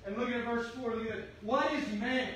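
A middle-aged man preaching a sermon as pastor, fervently shouting his exhortations to the congregation. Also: very high voice, moderate pace. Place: church sanctuary. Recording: echoey sanctuary from far off with faint hum.

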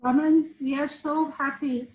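A woman hosting an online session, brisk and practical as she moves things along. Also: high voice, fairly even intonation, a little mellow. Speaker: event host. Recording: echoey room, faint background noise.

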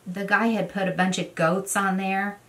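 A woman's voice: medium pitch, little pitch movement, moderate pace, distant mic. A woman chatting casually in a get-ready-with-me vlog, telling a rambling story full of fillers. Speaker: beauty vlogger.

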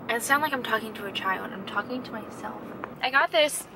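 A woman's voice: on the high side, fairly quick, background noise. A young woman vlogging in a casual, rambling, self-deprecating way, sounding tired and drained. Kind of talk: casual vlog chat. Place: car and home.

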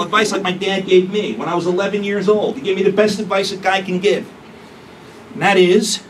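A man doing a crude, brash stand-up comedy set, recorded on a distant mic with room noise. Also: sits high. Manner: brash, crude, punchy delivery.

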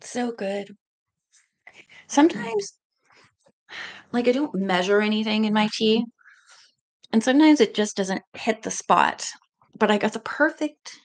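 A woman reads a mystery novel aloud in a mid-pitched voice with a gravelly, fried texture. She pauses to chat casually between passages before returning to the story. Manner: chatty asides between passages. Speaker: reader.

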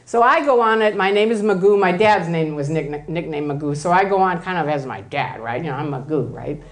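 A woman giving a personal storytelling talk, animated and acting out the voices she quotes, often tagging lines with "right?". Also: lowish voice, a little fast. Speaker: speaker giving a public talk.

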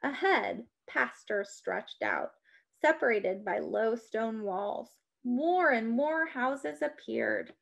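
A woman reading a children's story aloud with an expressive, dramatic delivery. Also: on the high side, slow, creaky.

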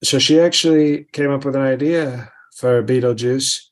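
A man's voice: mid-range voice, steady tone, moderate pace, close to an everyday voice. A man doing a rambling, boastful older politician. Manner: meandering, self-interrupting, digressive bragging. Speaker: comedian. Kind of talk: comedic impression podcast.

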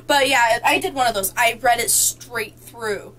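A young woman from Indiana hosts a casual book chat with friends, bubbly and quick to laugh. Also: on the high side, slight background noise, poor audio. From North Central Indiana, US. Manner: bubbly, excitable, laughs often. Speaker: book vlogger hosting a book tag.

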